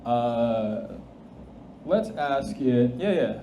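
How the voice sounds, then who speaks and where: A man's voice: mid-range voice, animated, drawn-out words, mellow. A man presenting a live demo of AI agents to an audience, talking casually, thinking aloud and restarting often. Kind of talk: live tech demo talk. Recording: echoey hall with faint noise.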